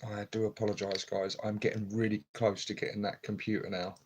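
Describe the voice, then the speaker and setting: A man chatting quietly and casually on a live stream at home, filmed on his phone, rambling with lots of ums. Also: fairly low pitch, level tone, brisk, a little hiss or hum. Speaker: hobby streamer. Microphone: phone camera.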